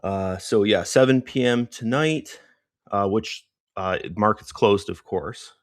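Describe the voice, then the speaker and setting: Low-voiced, breathless man talking markets. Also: slow pace, no echo, clean studio sound. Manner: loose, rambling, lots of fillers. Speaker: trading livestream host. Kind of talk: casual live market commentary.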